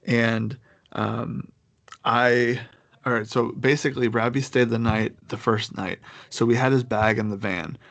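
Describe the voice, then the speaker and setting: Sitting close to a dry, dead mic with no room sound, the young man narrates his story in loose conversation, rambling, circling back, and using fillers and restarts. His gravelly, fry-edged voice is medium in pitch, steady in tone, a bit bright, and measured in pace.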